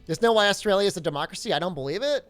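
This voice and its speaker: A man's voice: sits high, animated, rapid-fire, a bit bright, soft background music. A man streaming a video game, chatting casually and jokingly as he reads viewers' questions aloud. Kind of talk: casual live-stream chat.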